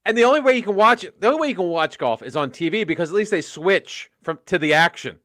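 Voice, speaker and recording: Male podcast co-host, easygoing and halting, slightly high voice. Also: no echo, clean studio sound. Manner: relaxed, halting, trails off. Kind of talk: casual chat.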